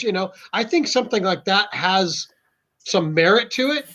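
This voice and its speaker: A man's voice: high voice, lively intonation, normal speed, fairly bright tone. A man joining a casual chat show as a guest, with dry, blunt remarks, over dull lo-fi call audio with faint hiss.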